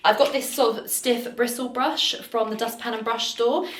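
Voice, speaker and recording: A woman's voice: a little high, fairly even intonation, moderate pace. Chatty British woman in an echoey office. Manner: chatty, goes off on tangents. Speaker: cleaning vlogger. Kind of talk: casual chat while cleaning. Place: office building indoors. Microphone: camera set down in the room. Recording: echoey room with faint noise.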